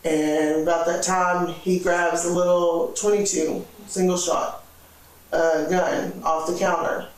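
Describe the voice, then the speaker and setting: A woman's voice: fairly low pitch, flat delivery, slow. A woman in an interrogation, animatedly recounting events and acting out quoted dialogue. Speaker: interrogation subject. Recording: echoey room, distant mic.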